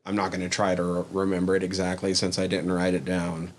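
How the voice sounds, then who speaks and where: Brief: male podcast co-host, low-pitched voice, relaxed and analytical in casual chat. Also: quick pace, slight background noise.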